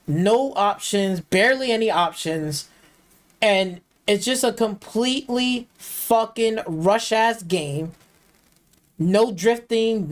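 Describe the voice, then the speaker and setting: Profane, heated game streamer ranting. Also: mid-range voice. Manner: mocks dialogue in exaggerated put-on voices.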